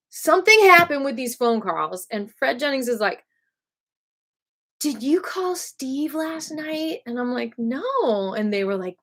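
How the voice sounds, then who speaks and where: Woman rambling thru old school stories on a live stream, animated, lots of "like", dramatic little outbursts. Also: mid-range voice. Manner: animated and rambling, full of "like" and asides; dramatic bursts when quoting herself. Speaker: singer hosting a live stream. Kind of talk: casual storytelling on a live stream.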